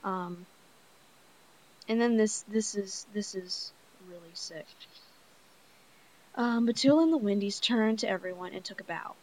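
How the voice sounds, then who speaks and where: A woman's voice: mid-range voice, unhurried, pauses often, poor audio. Young woman reading aloud, stumbling and enthusiastic. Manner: stumbling, enthusiastic, frequent restarts and laughs. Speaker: reader. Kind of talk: reading a novel aloud with commentary.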